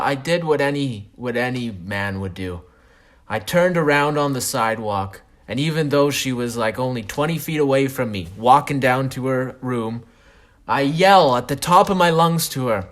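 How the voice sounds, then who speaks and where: A man's voice: mid-range voice, expressive, unhurried. A man hosting a podcast, telling a comic story in a profane, self-mocking monologue. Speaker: podcast host.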